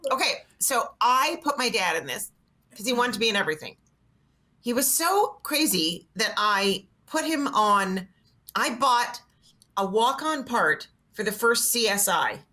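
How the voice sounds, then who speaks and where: Animated woman telling a comic story. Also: on the high side, a little slow. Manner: animated, acts out quotes in voices. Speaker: guest comedian.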